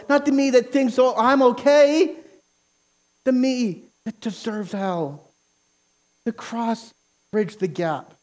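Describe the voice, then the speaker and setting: A man preaching a sermon with passion, near to yelling at times, often repeating words as he starts a phrase. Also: extremely high pitch. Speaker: pastor.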